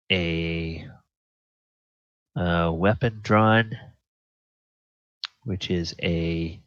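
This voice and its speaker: A man narrating a tabletop game as game master, halting and full of ums. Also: sits low, fairly bright tone, no room sound. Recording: slightly dull, dry audio.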